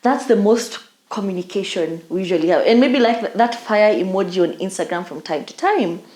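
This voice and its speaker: A woman's voice: medium pitch, brisk, darkish tone. A young Kenyan woman co-hosting a podcast, telling a story in casual chat with Swahili slang. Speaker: podcast co-host. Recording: echoey room.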